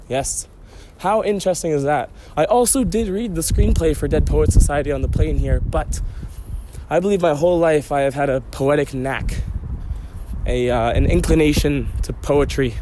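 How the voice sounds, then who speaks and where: A man's voice: medium pitch, a little mellow, slight background noise. A man hosting a solo podcast, rambling and joking to himself as he walks outdoors along city canals. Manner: playful, joking self-talk with digressions. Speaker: podcast host.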